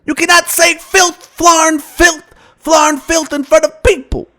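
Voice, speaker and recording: A prim, fussy older comedian scolds in a high, sing-song voice, as a man imitates him on stage. The phrasing is stiff and mock-formal, full of quaint euphemisms and stretched out slowly. This is a stand-up impression. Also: flat delivery, bright, forceful tone, exaggerated voice. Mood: scolding. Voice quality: exaggerated, slow and sing-song. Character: older male comedian, fussy and preachy father.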